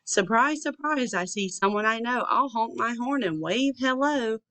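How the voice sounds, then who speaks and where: An eager young dinosaur driver from a storybook, proud of its loud horn, as a woman reads it aloud. The bouncy sing-song voice sits a little high, and the recording is close and dry. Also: lively intonation, moderate pace, no echo.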